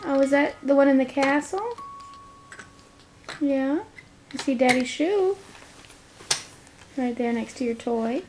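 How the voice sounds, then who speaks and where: Mom filming her little girl at home, talks slow and sing-song, high pitched. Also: over music. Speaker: parent filming her toddler. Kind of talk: home video baby talk. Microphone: handheld camera.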